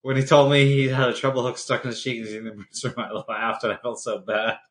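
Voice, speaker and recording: A man with an ordinary mid-range voice, co-hosting a casual podcast. He tells a story from his weekend in a relaxed, joking way and laughs at himself as he goes. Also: mid-range voice, fast talker. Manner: easygoing, joking, laughs at his own stories. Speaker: podcast co-host.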